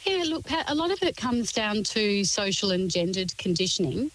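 A woman's voice: medium pitch, very animated, moderate pace, slight background noise, poor audio. A woman, a guest expert on a radio interview, explaining points in a composed, articulate way, often in lists.

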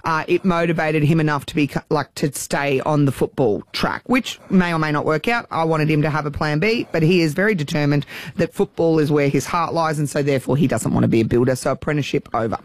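A woman's voice: low voice, fast talker, dry recording. Chatty Australian woman co-host, dry sound. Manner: chatty storyteller. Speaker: radio co-host. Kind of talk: casual chat.

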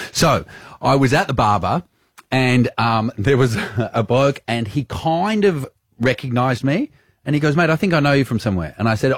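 A man in his thirties co-hosts a radio show, his pitch leaping around as he tells a story. His voice is a little husky, and the studio sound is close and dry. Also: dry recording. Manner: animated storyteller, laughs often. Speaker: radio co-host. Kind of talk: casual radio banter.

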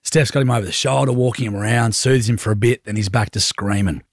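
A man's voice: on the low side, fast, no room sound, studio quality. A young man with an Australian accent, co-hosting a radio show and telling a laid-back story. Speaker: radio co-host. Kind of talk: casual radio banter.

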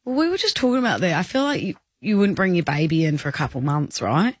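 A woman with an Australian accent hosting a radio show, chatting quickly and teasing her co-host with plenty of laughter. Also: fairly low pitch, very animated, breathy edge, dry recording, studio quality. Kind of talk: casual radio banter. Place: radio studio.

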